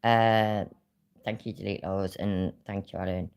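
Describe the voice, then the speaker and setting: A woman's voice: rumbling low, fairly even intonation, a little slow, a little mellow, smooth. A woman reacting to a played stream, blunt and often swearing, laughing between remarks. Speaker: commentary streamer.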